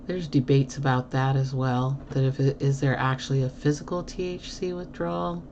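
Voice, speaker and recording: A woman's voice: rumbling low, steady tone, moderate pace, darkish tone, dull audio, slight background noise. A woman chatting casually with viewers on a livestream, rambling with many fillers, teasing and laughing often. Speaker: livestream host. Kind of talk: casual chat answering viewer comments.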